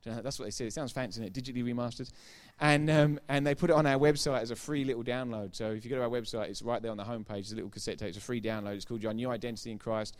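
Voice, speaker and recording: A man's voice: mid-range voice, steady tone, racing, few pauses. Man preaching his personal testimony. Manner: retells dialogue with repeated "I said, he said"; grows loud and emphatic when preaching. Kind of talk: sermon testimony.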